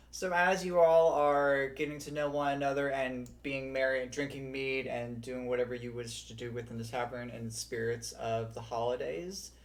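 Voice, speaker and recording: A man as game master, running an online tabletop game in a relaxed way with many fillers. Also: mid-range voice.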